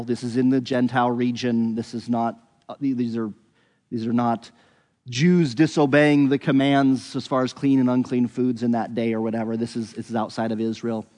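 A man's voice: mid-range voice, a little mellow, long reverb tail. A man giving a conversational Bible teaching, thinking aloud with frequent restarts and hedges.

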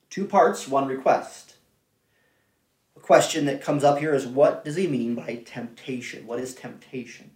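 A man preaching a sermon, earnest, rising to emphatic points and dropping to hushed pleading. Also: medium pitch, unhurried. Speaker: pastor. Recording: echoey room, mic at a distance.

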